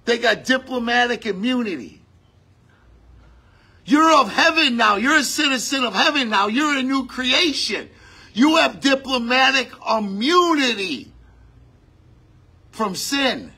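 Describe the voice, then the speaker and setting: A man preaching a sermon in a conversational way, breaking into shouts on key lines. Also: very high voice, lively intonation, a little slow, long pauses, husky.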